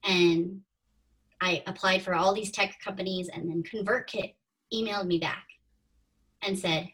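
A woman's voice: medium pitch, fairly even intonation, moderate pace, long pauses, a bit bright, husky. A woman in her thirties, a podcast guest, chatting through her story and acting out her own past thoughts. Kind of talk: casual interview storytelling. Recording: distant from the mic.

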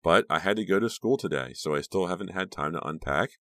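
A man's voice: sits low, fairly quick, bright, forceful tone, no echo, voice pushed up. A man voicing a clingy, pouty teenage girl with a creepy streak in an audiobook reading. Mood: chatty.

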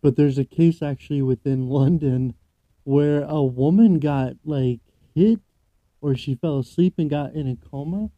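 A man's voice: fairly high pitch, unhurried, dry recording. A man hosting a podcast, chatting loosely and saying "like" a lot. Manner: loose, filler-heavy, says "like" a lot. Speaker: podcast host. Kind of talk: casual podcast chat. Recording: dull lo-fi sound.

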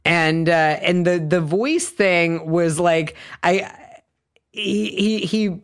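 Smooth-voiced podcaster musing on a film. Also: mid-range voice, slow pace. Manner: hesitant, filler-heavy, enthusiastic. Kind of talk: casual film discussion.

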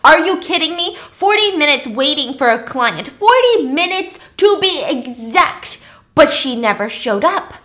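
A woman putting on the voice of a furious, arrogant older male art dealer who shouts indignantly. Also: high voice, lively intonation, measured pace, voice pushed up. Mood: outraged.

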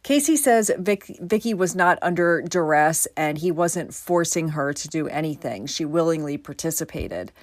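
A woman's voice: low voice, expressive, normal speed, few pauses, no echo, studio quality. A woman hosting a true crime podcast, telling the story in a conversational way with casual asides. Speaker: podcast host.

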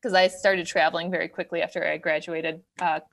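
A woman's voice: fairly low pitch, level tone, fairly quick, gravelly. Upbeat woman from Wisconsin, laughing. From Wisconsin, USA. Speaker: podcast guest, ultrarunner. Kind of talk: casual interview chat.

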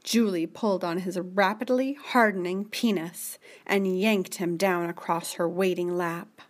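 A woman narrating a story in a slow, measured way, sometimes dropping to a hushed whisper. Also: on the low side, steady tone.

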